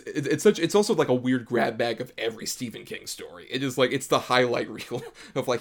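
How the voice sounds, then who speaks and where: A man's voice: medium pitch, gravelly. A man co-hosting a casual film podcast, talking at length and laughing often. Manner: talkative, quick restarts, laughs often. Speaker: podcast co-host.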